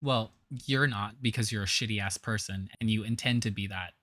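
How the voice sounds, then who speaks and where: A man's voice: lowish voice, fairly quick, sharp tone, no echo. A man giving blunt, scornful reaction commentary, with a trained singer's voice.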